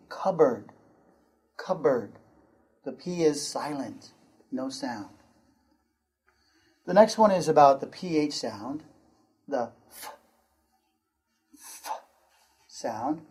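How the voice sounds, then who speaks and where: A man from the United States with an American accent, teaching an English pronunciation lesson and repeating words slowly and clearly for learners to copy. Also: on the high side, mellow.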